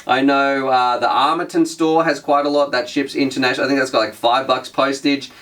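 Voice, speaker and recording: Chatty man, bright voice. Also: mid-range voice, steady tone, a little fast, distant mic. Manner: reads viewer questions aloud, chatty. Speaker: host. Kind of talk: casual Q&A chat.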